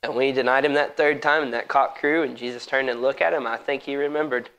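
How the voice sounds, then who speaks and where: A man pastor preaching a sermon in an emphatic, conversational way that rises at times to shouts. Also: mid-range voice, fairly even intonation, fast, clear, resonant tone.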